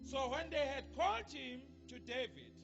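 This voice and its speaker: A South African man reading scripture aloud in church, slow and careful, stumbling over names. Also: very high voice, lively intonation, creaky, big-room sound, muffled recording, over music.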